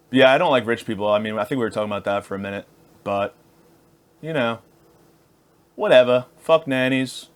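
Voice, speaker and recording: A man's voice: on the low side, clear, resonant tone. A man in his thirties hosting a podcast, rambling through a crude, self-deprecating comedic monologue. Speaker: podcast host.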